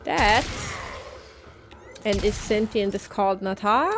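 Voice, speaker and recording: A woman's voice: mid-range voice, slow pace, a little hiss or hum. A woman playing a game in a let's play, chatty, asking questions and joking as she goes. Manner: chatty, asks questions, jokes while playing. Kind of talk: casual gaming chat.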